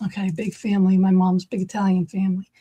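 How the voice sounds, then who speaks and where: Animated middle-aged female host, slightly husky, chatty storyteller. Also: mid-range voice, quick pace. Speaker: podcast host. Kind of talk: casual podcast conversation.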